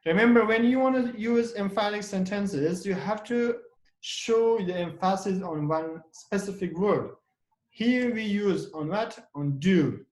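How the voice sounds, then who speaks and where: A man's voice: sits high, a little slow. A male teacher speaking in a slightly raised register. He runs the lesson by asking questions and answering them himself, and he repeats and stresses example sentences. The room around him rings with echo. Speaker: English teacher. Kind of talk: classroom grammar lesson. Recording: echoey room.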